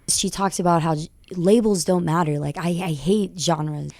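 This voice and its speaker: A young woman rapper, a guest on a radio show, tells her stories in an excitable, tumbling rush. Her voice sits low and carries a gravelly fry. The studio mic sound is dry and close. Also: normal speed, no room sound. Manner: excitable, tumbling recounting with laughs. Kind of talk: animated storytelling interview.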